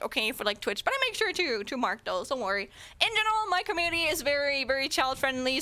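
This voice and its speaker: A woman's voice: high voice, pushed and bright. A young woman from Germany with a German accent, English not her first language, chatting casually and playfully with her live chat as a streamer. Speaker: Twitch streamer.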